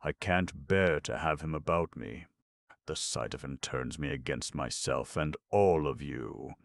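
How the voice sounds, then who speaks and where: A man's voice: very deep voice, a little slow, vocal fry, no room sound, studio quality, heavily acted. A man voicing a bitter, sullen young woman who has been drinking, in an audiobook. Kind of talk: audiobook character voice.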